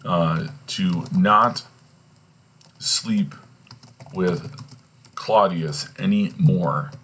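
A man's voice: low voice, drawn-out words, a bit bright, slightly rough. A male teacher casually reading and explaining a play in a recorded lesson, often checking in with "okay?". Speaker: English teacher.

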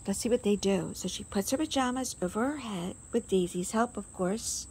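A woman reading a children's picture book aloud in a gentle storytelling way, adding chatty asides to her listeners. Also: medium pitch, normal speed, hardly any pauses, husky.

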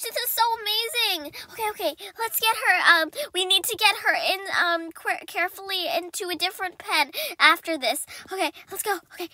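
A woman narrates her own game role-play in an excitable, gushing way, gasping and squealing while she talks straight to her viewers. Her voice is very high and bright, and she speaks at an unhurried pace. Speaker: channel host and player.

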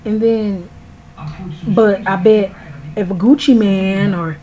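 A woman's voice: medium pitch, steady tone, takes it slowly, warm tone, low-quality recording. A woman in her early twenties talking straight to viewers in an outraged, emphatic casual vlog rant. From United States. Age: early 20s. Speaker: vlogger. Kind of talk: casual ranting vlog to camera.

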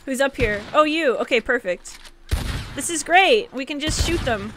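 A woman livestreaming herself playing a game with a friend, chatty and excitable, laughing and yelping often. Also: high-pitched, moderate pace, background noise. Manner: giggly, excitable, frequent laughs and yelps. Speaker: livestream host. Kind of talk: casual gameplay chat.

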